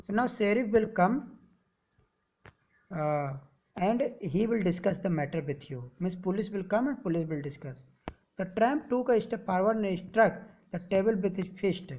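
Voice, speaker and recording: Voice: medium pitch, moderate pace, darkish tone, rough recording. A teacher with an Indian English accent explaining a story line by line, reading a passage and then restating it in simple words.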